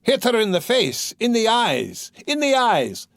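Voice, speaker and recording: A man reading an audiobook, voicing a young, drunken, brutal peasant carter who shouts and bullies. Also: on the high side, lively intonation, normal speed, no echo, voice pushed up. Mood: furious. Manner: shouting, bullying.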